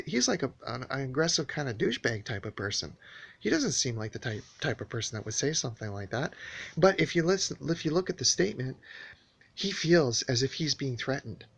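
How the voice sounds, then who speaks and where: A man with a gravelly, creaky voice at a middle pitch, talking through a grievance in a casual monologue. He rambles, restarts his sentences and leans on fillers, with an aggrieved edge. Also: fairly bright tone. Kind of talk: casual spoken monologue recounting events.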